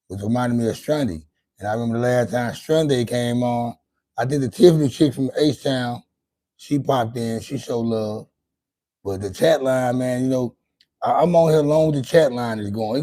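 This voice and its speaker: A man's voice: mid-range voice, dark tone. A man hosting his own livestream, talking loosely and profanely to his chat, rambling with lots of restarts. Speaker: livestream host. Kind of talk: casual livestream monologue.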